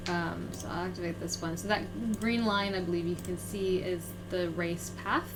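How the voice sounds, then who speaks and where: Woman game master, slightly low pitch, hesitant, clear hum behind. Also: fairly even intonation, moderate pace. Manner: hesitant, filler-heavy. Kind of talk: running a tabletop game.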